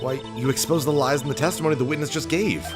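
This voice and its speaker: A man voicing a calm female mentor lawyer in a video game, guiding and steady. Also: fairly high pitch, fast talker, over music, voice pushed up, close to an everyday voice.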